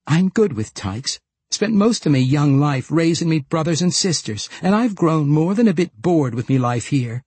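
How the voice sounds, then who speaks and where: A man voicing a lively, hopeful young woman from a fantasy audiobook who talks in a folksy dialect. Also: fairly high pitch, moderate pace, breathy edge, dry recording, voice pushed up. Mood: eager.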